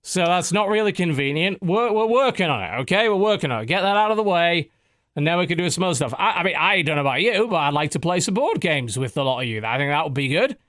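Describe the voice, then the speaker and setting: A podcast host with a somewhat high, strained voice speaks bluntly and sardonically, swearing without hesitation. The recording is close and dry, with no room sound. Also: male voice, lively intonation, fast talker, a bit bright, no room sound. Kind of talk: casual podcast chat.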